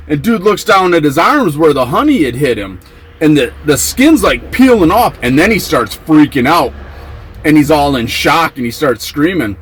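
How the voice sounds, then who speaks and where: Animated man telling a prison story. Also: fairly high pitch, normal speed, husky, rough recording. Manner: animated, acts out quotes with excited yelps. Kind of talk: casual storytelling.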